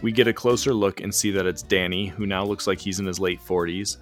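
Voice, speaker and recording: A man's voice: low-pitched, fairly even intonation, fairly quick, soft background music. A man narrating an improvised comic story, setting scenes like a screenplay.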